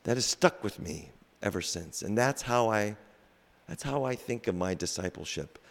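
A man preaching a sermon slowly and reflectively, with pauses. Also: fairly low pitch, animated. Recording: long reverb in a large hall.

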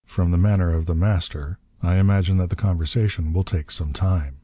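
Brief: man reading as defiant captive, harsh and steady, low mellow voice, dry sound. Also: brisk, dry recording. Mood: grim. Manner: harsh, grim, bitter. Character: defiant American man, grim and strained.

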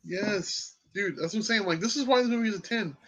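Man, fairly high voice, excitable, emphatic, casual movie chat. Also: brisk.

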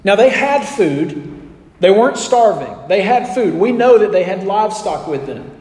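A man's voice: sits high, sing-song, normal speed, darkish tone, roomy sound, big-room sound. A man preaching a sermon in a conversational way, asking the audience questions and acting out quotes. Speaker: pastor.

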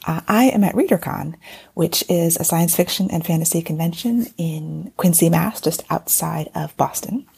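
A woman hosting her podcast in a casual, rambling monologue, hoarse because she is losing her voice. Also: on the low side, normal speed, warm tone. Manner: chatty, rambling with fillers and restarts. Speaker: podcast host. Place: at a convention, indoors.

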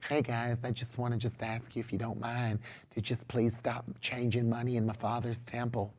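A preacher voicing a timid, overly polite grown man with a put-on Southern drawl, hushed and breathy. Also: mid-range voice, level tone, normal speed, pitched below the performer's own voice, lightly acted. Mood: meekly pleading. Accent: put-on American Southern.

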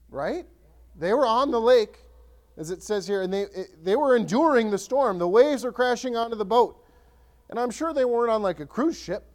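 With a high-pitched voice, a man preaching as pastor keeps his sermon animated and conversational. He acts out scripture and often begins his sentences again.

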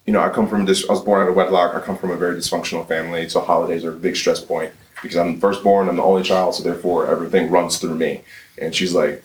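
A man in his thirties giving a live conference talk. He speaks emphatically, fires off rhetorical questions and often restarts his sentences. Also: deep voice. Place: conference session room. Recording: roomy, distant from the mic.

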